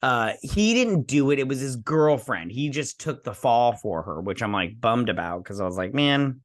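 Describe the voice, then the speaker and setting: A man's voice: mid-range voice, moderate pace. A man hosting a casual TV episode recap, rambling and acting out the characters' lines as he retells them. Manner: rambling, acts out dialogue with "she's like". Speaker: host.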